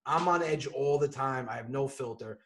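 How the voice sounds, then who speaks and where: A man telling a fast, animated comic story as a podcast guest over a video call, bursting into shouts at times. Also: mid-range voice. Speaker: comedian and guest. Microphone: video call on a computer.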